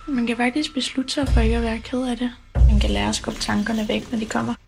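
A soft-spoken nanny. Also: female voice, a little high, steady tone, fast, gravelly. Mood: gentle. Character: young woman nanny comforting a little girl. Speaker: film character. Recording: film clip with loud noise.

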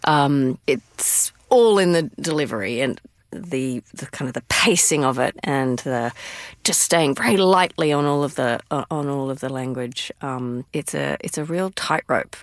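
A woman's voice: very deep voice, a little slow, no echo, clean studio sound. A woman actress talking enthusiastically as an interview guest, laughing often and restarting her sentences. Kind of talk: conversational interview.

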